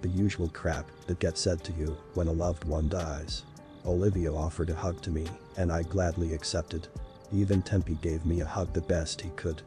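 A man reading a first-person horror story aloud in a steady, unhurried narration. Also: low-pitched. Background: faint background music.

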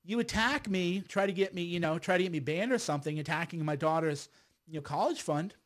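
A man's voice: sits high, fairly quick. A middle-aged man, a lawyer and filmmaker, speaking in a casual, combative monologue, repeating words and tagging lines with "right?".

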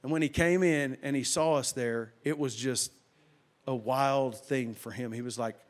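A middle-aged man preaching a sermon as a folksy, animated storyteller who drops to a hush for quoted voices. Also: mid-range voice, a little slow. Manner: folksy, animated, with loud sound effects and hushed quoted voices. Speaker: pastor.

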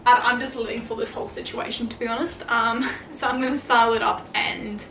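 A young woman, a fashion vlogger, chatting excitedly in her bedroom with lots of fillers. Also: a little high, fairly quick, vocal fry, slight background noise. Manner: gushing, filler-heavy, excitable. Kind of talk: casual vlog chat. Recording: echoey room, far from mic, music behind.

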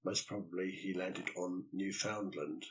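A man's voice: low-pitched, little pitch movement, measured pace, low-quality recording. An older man hosting a solo podcast, talking through a loosely scripted monologue in a reflective way with the odd filler. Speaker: podcast host.

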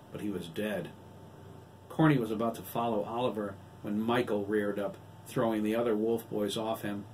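A man with a lowish voice narrates his novel in a steady, even way. He sits a little back from the mic, and a faint hiss of noise stays under his voice. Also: distant mic, low-quality recording. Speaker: author reading his own novel. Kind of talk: audiobook narration.

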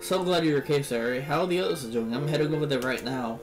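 A man's voice: on the high side, fast talker, over music, close to an everyday voice. A man reading the lines of a young male student protagonist who is worried about his friends.

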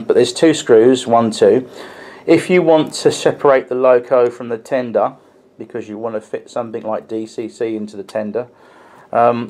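A man's voice: fairly low pitch, mellow. A man reviewing a model locomotive in a casual, chatty way, with frequent ums and restarts as he explains details hands-on.

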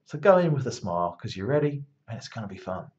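A man's voice: lowish voice, big pitch swings, fast, darkish tone, muffled recording. A man giving a recorded university lecture as a rousing, emphatic pep talk, repeating phrases for effect.

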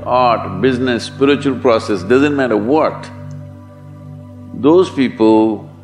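Mellow man in echoey hall. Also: medium pitch. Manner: rhetorical questions, joking asides. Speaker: spiritual teacher. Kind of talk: public spiritual talk. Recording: reverberant hall with soft music.

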